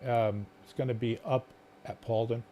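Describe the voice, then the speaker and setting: A man hosting a live podcast stream outdoors at night, talking casually in a rambling way full of fillers, his voice a bit hoarse. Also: mid-range voice, fairly even intonation, normal speed, dark tone. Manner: rambling, filler-heavy talk. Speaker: podcast host.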